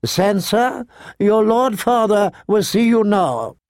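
A prim, scolding older governess of a lady's household, as a male audiobook reader puts her on. Her voice sits high and strained with a strange, pinched timbre. The audiobook sound is dry and close. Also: expressive, takes it slowly, a little mellow, dry recording, full character voice. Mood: stern. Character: stern older female septa, prim governess. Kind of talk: audiobook reading.

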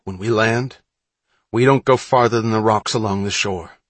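A man voicing a cautious, bossy older brother who speaks in a gruff, scornful way. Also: fairly low pitch, a little fast, fairly bright tone, no room sound.

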